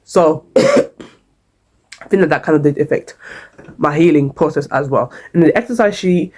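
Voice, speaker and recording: A woman's voice: deep voice, animated, a little slow, a little mellow, husky. A young woman vlogger telling a casual storytime, chatty and repetitive, with frequent swearing. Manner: chatty, repeats herself, swears, sings a short hymn.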